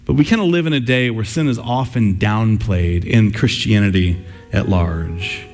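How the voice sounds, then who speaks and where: A man's voice: on the low side, moderate pace, soft background music. A male pastor preaching a sermon earnestly, moving into playful, vivid illustrations to make his points.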